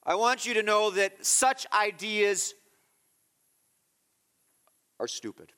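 A male pastor preaching a sermon, explaining calmly and then pressing points with loud emphasis. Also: slow, clear, resonant tone, big-room sound. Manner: teaching tone, swings from low explaining to loud emphatic scolding.

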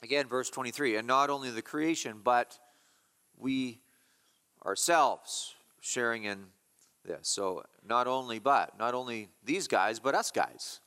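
Bright-voiced man preaching in a hall. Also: medium pitch. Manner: emphatic, repeats key phrases slowly. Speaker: pastor. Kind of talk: expository sermon.

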